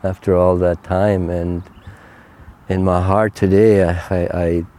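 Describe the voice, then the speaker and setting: A man's voice: deep voice, level tone, mellow. An older man, telling his own faith testimony in an earnest, heartfelt way. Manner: earnest, heartfelt, unhurried storytelling. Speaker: interview guest.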